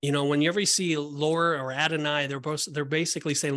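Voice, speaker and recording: Man, fairly high voice, dry close sound, casual Bible study talk, restarts his phrases. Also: steady tone, brisk, hardly any pauses, bright, forceful tone, dry recording. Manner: explanatory, repeats and restarts phrases, reads verses aloud. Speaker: podcast co-host.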